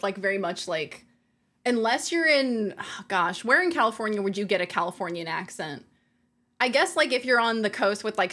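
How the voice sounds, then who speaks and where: A woman's voice: medium pitch, a bit bright. A woman streamer chatting casually with her viewers, laughing often and reading their messages aloud.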